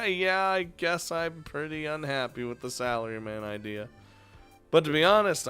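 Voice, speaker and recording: A man's voice: mid-range voice, pushed and bright, clear, resonant tone. A man hosting a let's play, reading a visual novel aloud and breaking off for jokey asides and frequent laughter. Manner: jokey, laughs often, asides between lines.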